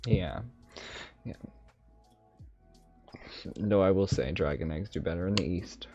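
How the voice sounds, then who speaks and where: A man's voice: deep voice, measured pace, dark tone, husky. A man doing a lisping, ancient dragon mage. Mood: playful. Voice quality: lisp, odd put-on dragonish accent. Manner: rambling, playful, self-amused asides. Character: ancient male dragon mage, smug and mischievous. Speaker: streamer. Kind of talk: in-character live stream chat. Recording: slightly dull stream audio, faint music.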